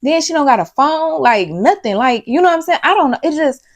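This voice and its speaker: A woman's voice: high-pitched, lively intonation, fairly quick. A woman telling a storytime video, rambling and emphatic, swearing often, talking straight to her viewers and sounding worked up and worried. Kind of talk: casual storytime monologue.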